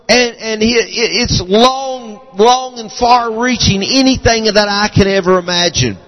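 A man's voice: sits high, fairly bright tone. A man preaches a fervent sermon. He restarts his sentences often and circles back on repeated words. His voice rings out with the long reverb of a church sanctuary. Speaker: pastor. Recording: long reverb of a large hall.

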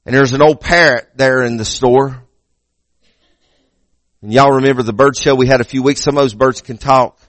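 A man's voice: medium pitch, fairly even intonation, normal speed, long pauses, fairly bright tone, no echo. A male pastor preaching a sermon in a church, emphatic, repeating words as he restarts and building to raised peaks.

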